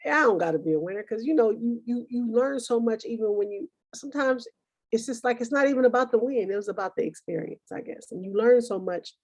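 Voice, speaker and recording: Woman podcast host, mellow low-toned voice, casual preachy monologue with lots of fillers. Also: brisk. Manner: conversational, preachy, thinks aloud with fillers. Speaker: podcast host recapping episodes.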